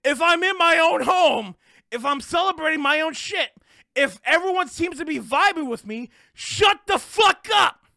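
A man with a very high, sharp, bright voice rants on a live stream, loud and full of swearing. The sound is dry and close, with no room echo. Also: expressive, moderate pace, gravelly. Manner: loud, profane, fired-up ranting. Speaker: streamer and podcast host. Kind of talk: unscripted rant on a live stream.

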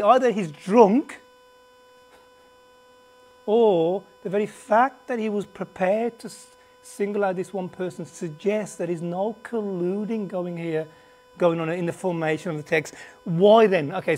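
Standing in front of a group in a meeting room, a preacher leads a live Bible class in a mid-range, slightly mellow voice. His delivery is conversational, full of restarts and asides, and he frequently fires emphatic questions at his listeners between slight coughs.

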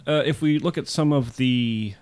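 A man co-hosting a history podcast, telling the story in a measured way and reading out quotes and details. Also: medium pitch, darkish tone, clear, resonant tone. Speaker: podcast co-host.

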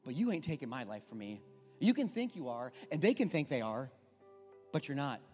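A man voicing a calm, firm prisoner who answers his judge plainly, recorded in an echoey hall with faint music. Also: mid-range voice, a little fast, natural voice. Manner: calm, firm, matter-of-fact.

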